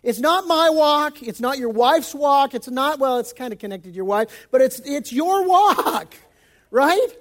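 A male pastor giving a sermon in an emphatic, folksy style with casual slang, moving between loud stresses and hushed passages. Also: very high-pitched, expressive, unhurried.

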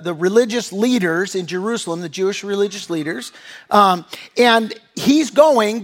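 A male pastor preaching a sermon in earnest, with fillers and restarts, sometimes acting out voices from the scriptures. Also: sits high.

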